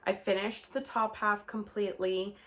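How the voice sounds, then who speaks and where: A woman's voice: mid-range voice, flat delivery, normal speed, fairly bright tone. A woman from Canada chatting casually to the camera in a knitting vlog, rambling with fillers and restarts. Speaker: knitting vlogger.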